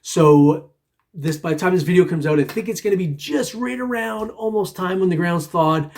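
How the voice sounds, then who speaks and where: A man's voice: high-pitched, moderate pace, a little mellow. A man hosting a metal detecting vlog, chatting to viewers in a loose, rambling way, chuckling often and calling everyone "man". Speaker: metal detecting channel host. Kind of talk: casual vlog chat to viewers.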